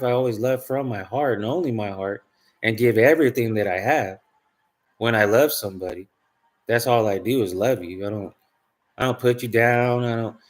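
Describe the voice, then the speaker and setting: Man, casual storytelling monologue, rambling, emphatic, swears, mid-pitched voice. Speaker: spiritual vlogger.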